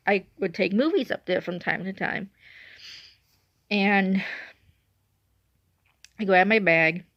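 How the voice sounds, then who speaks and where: A woman's voice: medium pitch, no echo. Rambling young woman telling a story. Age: 20s. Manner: rambling, self-correcting storyteller. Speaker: vlogger. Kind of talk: casual storytime. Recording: dry, dull lo-fi recording.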